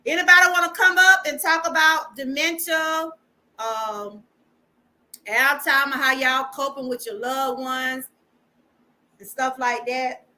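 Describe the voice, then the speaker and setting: A middle-aged woman from Georgia talks in a loose, chatty Southern way, hosting a live stream and addressing her viewers as y'all. Her voice sits high and sounds bright and forward. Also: steady tone, measured pace. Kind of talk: casual live chat.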